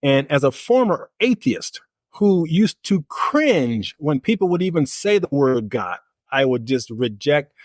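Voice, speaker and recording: A man's voice: fairly high pitch, sing-song, unhurried, no echo, clean studio sound. A middle-aged man, a life coach and author, speaking emphatically and upbeat as a podcast guest. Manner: emphatic, upbeat, repeats key phrases. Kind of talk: podcast interview.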